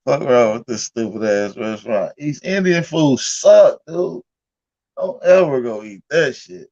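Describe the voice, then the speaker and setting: A man's voice: mid-range voice, animated, unhurried, dark tone, dull audio. A man hosting a casual livestream, telling stories in a loose, profane, laughing way. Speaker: livestream host.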